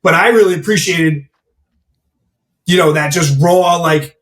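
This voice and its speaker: A man's voice: on the high side, moderate pace, long pauses, a little hiss or hum. A man who works as a mindset coach and gym owner, talking bluntly and candidly in a casual interview and swearing freely. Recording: roomy, distant mic.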